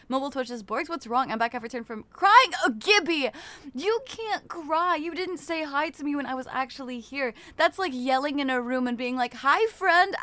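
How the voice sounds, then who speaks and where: Young woman streamer, casual chat, fairly high, crisp and dry. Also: a bit bright, no room sound. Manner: chatty, greets chat by name, swears casually.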